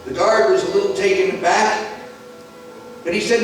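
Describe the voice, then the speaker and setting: A man in his sixties from Philadelphia, telling a personal testimony with deliberate, dramatic pauses. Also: high voice, steady tone. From Philadelphia, USA. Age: 60s. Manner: deliberate, dramatic pauses, acts out quoted voices. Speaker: gospel singer and speaker. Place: large stone church. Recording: echoey church from far off, faint music.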